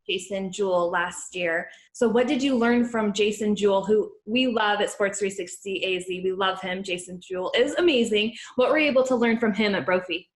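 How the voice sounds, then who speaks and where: A woman's voice: medium pitch, normal speed, few pauses, echoey room. A woman hosting a sports interview, asking friendly, enthusiastic questions. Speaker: sports show host.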